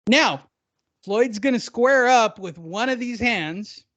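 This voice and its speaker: A man's voice: very high-pitched, animated, takes it slowly, a bit bright, dry recording. A man co-hosting a boxing podcast, joking casually and spinning silly hypothetical fight scenarios. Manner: playful, spins silly hypotheticals. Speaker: podcast co-host.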